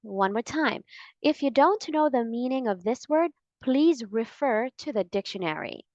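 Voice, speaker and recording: Slow, clear woman teaching pronunciation. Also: on the high side, expressive, a little mellow, no echo. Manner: patient, instructive, repeats model sentences slowly. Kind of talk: slow, deliberate pronunciation lesson. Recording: dry, slightly dull sound.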